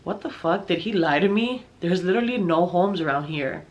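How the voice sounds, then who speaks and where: A young woman tells a personal story in casual storytime fashion, her lowish voice expressive and brisk over lo-fi sound. She swears a lot and sounds exasperated while acting out what people said.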